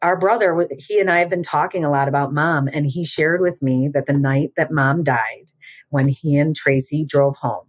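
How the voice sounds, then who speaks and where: A woman's voice: deep voice, normal speed, husky, no echo. A middle-aged woman co-hosting a podcast, talking earnestly and with feeling in casual chat. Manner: earnest, emotional, tearful at times. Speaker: podcast co-host.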